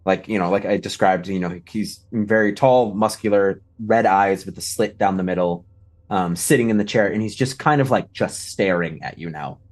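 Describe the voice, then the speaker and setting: A man's voice: low-pitched, moderate pace. A man running a tabletop game as game master, narrating hesitantly with many fillers.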